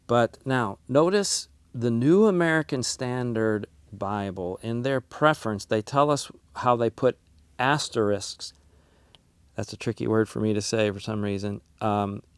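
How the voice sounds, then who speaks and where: Smooth-voiced man teaching a Bible class. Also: fairly low pitch, no room sound. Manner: conversational, repeats words, acts out quoted lines.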